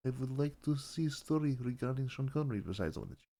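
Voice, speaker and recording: A man's voice: mid-range voice, lively intonation, fast talker, gravelly, warm tone. Male podcast host, casual, rambling, dry and self-deprecating.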